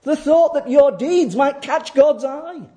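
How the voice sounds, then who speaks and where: Emphatic high-voiced male preacher. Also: slow pace, dark tone. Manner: emphatic, repeats key phrases, asks rhetorical questions. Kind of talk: sermon.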